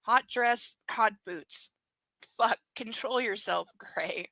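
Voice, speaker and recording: A woman's voice: a little high, slow pace, bright, forceful tone, dry recording. A woman reading a novel aloud on a casual livestream at home, with sarcastic asides about the story. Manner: sarcastic asides and baby talk to her dog. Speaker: host reading a book aloud. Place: home desk with her dog on her lap.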